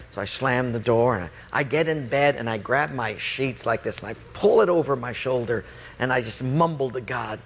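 A man preaching a sermon, telling an animated personal story and acting out the quotes. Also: mid-range voice, moderate pace, gravelly, a little hiss or hum.

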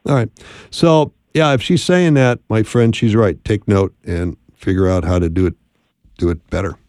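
A man's voice: on the low side, normal speed, a little mellow, dry recording, clean studio sound. A man hosting a call-in advice radio show, upbeat and encouraging, speaking plainly to callers.

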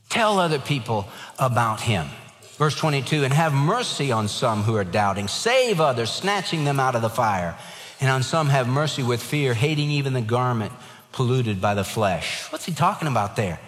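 A man's voice: mid-range voice, a bit bright. A man preaching a sermon in an earnest way, shifting his emphasis and telling a joke. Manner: earnest preaching, varied emphasis, tells jokes. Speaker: pastor. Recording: long hall reverb.

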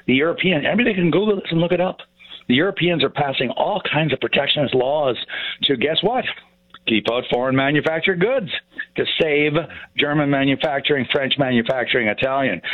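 A man's voice: mid-range voice, no room sound. A man in his sixties, a professor on radio commentary, talking emphatically with sarcastic asides and many fillers. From Canada. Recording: tinny phone line.

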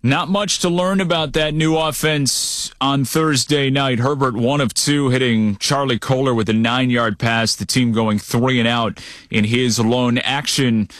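A man hosting a sports news show, reading scripted updates at a brisk, upbeat clip. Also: medium pitch, fairly even intonation, fairly bright tone, no room sound, studio quality.

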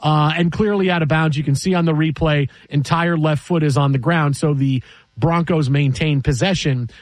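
A man hosting a sports talk radio show, chatting fast and animated about a live football game. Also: fairly high pitch, no room sound. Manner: animated, jokey, quick restarts.

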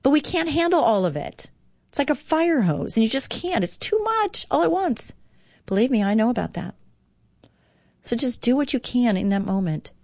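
A woman's voice: on the high side, lively intonation, moderate pace, a little mellow, no room sound. A middle-aged woman hosting a devotional talk show, reading and reflecting in an earnest, encouraging way that rises with emphasis. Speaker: radio show host.

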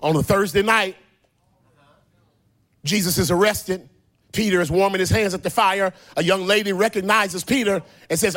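A man preaching a sermon who tells scripture stories in casual slang and builds to a sung, shouted climax. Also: moderate pace. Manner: animated, drops low and quiet for storytelling, then rises to a sung, shouted climax.

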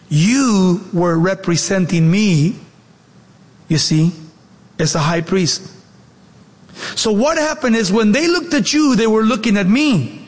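Male pastor plays God: casual, reproving, higher voice with long reverb. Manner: conversational, gently scolding. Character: God as a patient, reasoning male deity.

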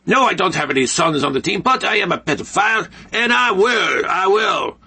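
A man voicing a sleazy male youth coach who speaks slowly and haltingly in a put-on foreign accent. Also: expressive, pushed and bright, husky, exaggerated voice. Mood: sly. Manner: halting, slow, lowered voice.

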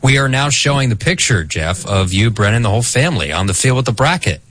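A man's voice: medium pitch, sing-song, fast, a bit bright. A young man co-hosting a sports radio show, joking and teasing in casual banter.

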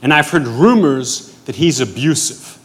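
A man performing a stand-up set on a club stage, delivering dark punchlines in a dry, deadpan way. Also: medium pitch, a little slow, in a large hall. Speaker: stand-up comedian. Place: comedy club stage with a live audience. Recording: noisy live club recording.

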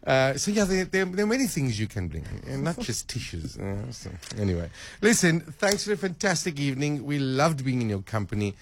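Husky, gravel-voiced man, rambling radio co-host with easy chuckles. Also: medium pitch, sing-song, fairly quick, few pauses. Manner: rambling, chuckling, self-mocking. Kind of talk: casual on-air chat.

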